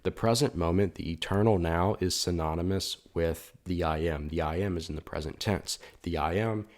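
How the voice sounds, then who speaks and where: Deep-voiced man, earnest spiritual talk. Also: moderate pace, darkish tone. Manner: earnest, heartfelt, repeats words often. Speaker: spiritual coach.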